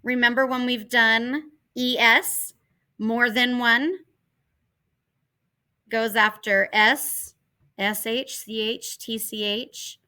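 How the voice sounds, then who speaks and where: A woman teacher leads a children's writing lesson from home, speaking very slowly and spelling out each letter. Her voice is bright and a little high. It is picked up by a laptop microphone. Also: steady tone, rough recording. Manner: patient, spells out letters and steps aloud. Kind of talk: slow, careful online writing lesson for children. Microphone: laptop computer mic.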